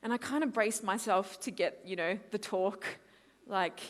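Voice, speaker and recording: A woman in her twenties with an Australian accent, a conference speaker giving a lively testimony talk and acting out her own quotes. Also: on the high side, measured pace. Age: 20s. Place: large hall. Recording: long hall reverb.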